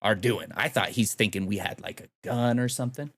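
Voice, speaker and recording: Low-voiced young man telling stories. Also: fairly bright tone, no room sound, clean studio sound. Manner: laid-back, drawn-out anecdotes acting out quotes. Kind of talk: casual storytelling.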